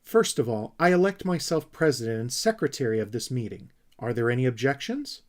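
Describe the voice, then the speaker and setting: A man's voice: mid-range voice, big pitch swings, brisk, natural voice. A man voicing a fussy, self-important young male Snork creature who talks in a bossy, pompous way.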